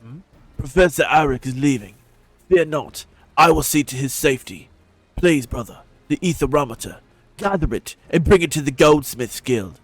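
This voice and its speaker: A calm, mystical monk mentor from a video game, giving guidance in a measured, solemn cadence. The voice sits in a middle pitch and sounds dry and close. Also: male voice, no room sound, faint music behind, rough recording.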